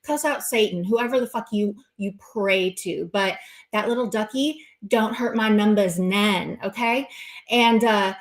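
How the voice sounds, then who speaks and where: Young woman, livestreamer, defiant, sarcastic, swearing, mid-pitch voice. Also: a little slow. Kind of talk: heated livestream rant.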